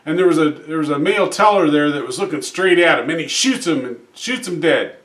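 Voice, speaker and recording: Man, joke teller, folksy delivery, slightly high voice, sits back from the mic in a roomy space. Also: expressive, fairly quick, fairly bright tone. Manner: folksy, frequent "uh" fillers, acts out characters with raised pitch. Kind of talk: casual joke telling. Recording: roomy echo, distant from mic.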